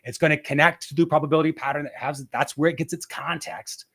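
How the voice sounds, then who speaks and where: A man's voice: on the high side, fairly even intonation, quick pace, a bit bright. A man talking as a guest in a casual interview, explaining a process step by step with frequent restarts and "right?" tags.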